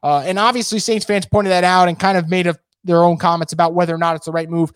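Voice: mid-range voice, steady tone, quick pace, smooth, no echo. A sports show host talks through football news in a casual, opinionated way, hammering points by repeating words. The voice is worn from losing it. The recording is close and dry, with no room sound.

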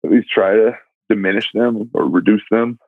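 A laid-back man chatting casually in a fairly low voice, with plenty of "like" and "dude". The sound is dry and a little muffled, as if the room has no echo and the high end is dulled. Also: normal speed. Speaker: podcast co-host. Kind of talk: casual chat.

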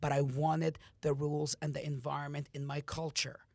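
A man's voice: a little high, flat delivery, normal speed, gravelly, dry recording. A man hosting a motivational podcast, giving a blunt, profane pep talk straight to his listeners. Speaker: podcast host, motivational speaker. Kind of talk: motivational monologue.

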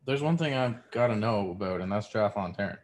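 Low-voiced man hosting a podcast. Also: animated, a little fast. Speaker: podcast host. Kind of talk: casual chat.

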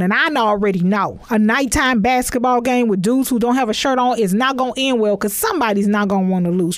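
A woman from Texas, telling a comic story in an animated, sassy way. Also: medium pitch, dry recording. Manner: animated, emphatic, sassy asides. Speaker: comedian.

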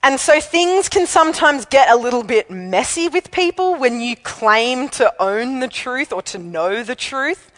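Chatty woman preacher, higher voice. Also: lively intonation, unhurried, fairly bright tone, long reverb tail. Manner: chatty and candid, laughs at herself. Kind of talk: evening sermon with personal story.

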